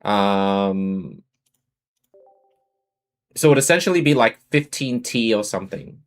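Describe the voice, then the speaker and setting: Chatty Australian man, lowish voice. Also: animated, a little slow. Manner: chatty, greets and answers viewers. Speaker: streamer. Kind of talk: casual live-stream chat.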